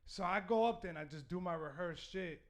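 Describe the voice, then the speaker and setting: A man, a stand-up comedian, telling stories in a casual, animated podcast chat. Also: high voice, a little fast. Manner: animated, laughing storyteller. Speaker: comedian guest.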